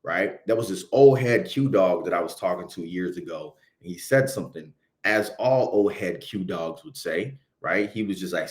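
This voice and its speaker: Low-pitched and barely pausing, a young man with a Haitian accent talks at normal speed as he tells a livestream story. He's a videographer, speaking emphatically in slang and frequently tossing in "right?". The sound carries a roomy echo.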